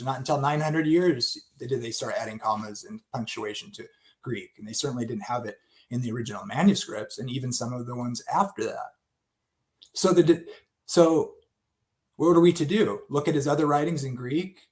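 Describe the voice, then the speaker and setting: A man's voice: mid-range voice, a little fast, darkish tone. A man giving an unscripted Bible study talk, thinking aloud with many restarts and asides.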